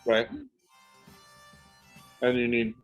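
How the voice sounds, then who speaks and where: Man calmly bargaining in a tabletop role-play. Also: mid-range voice, dull audio, music in the background. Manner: diplomatic, lays out options deliberately. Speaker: tabletop game player.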